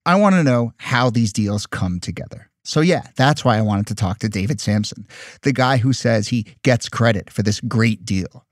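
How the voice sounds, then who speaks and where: A man's voice: mid-range voice, normal speed, no echo, studio quality. A man hosting a podcast, narrating in a wry, conversational and skeptical way. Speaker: podcast host. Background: faint music.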